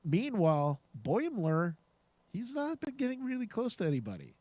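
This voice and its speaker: Male podcast co-host, higher pitch with a lively swing, animated and quick to laugh. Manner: animated, laughs often, echoes his co-host. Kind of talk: casual podcast discussion.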